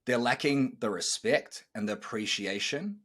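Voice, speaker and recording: Speaking at normal speed with medium pitch, a man in his thirties hosts a laid-back podcast as a coach. His stories are animated, with quoted lines acted out and some swearing.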